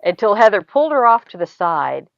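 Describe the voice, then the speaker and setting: A middle-aged American woman telling stories in a relaxed group chat, laughing often and trailing off into asides. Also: mid-range voice, vocal fry, dry recording, lo-fi sound. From United States. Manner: chatty storyteller, quick laughs, trailing asides. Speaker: show host. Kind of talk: casual chat.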